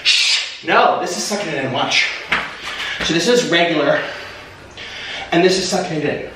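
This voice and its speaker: Dramatic high-voiced man in an echoey room. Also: moderate pace, pushed and bright, far from the mic. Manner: dramatic, whiny, shrieks when hit. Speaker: vlogger. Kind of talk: mukbang vlog with staged bickering. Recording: echoey room with clear background noise.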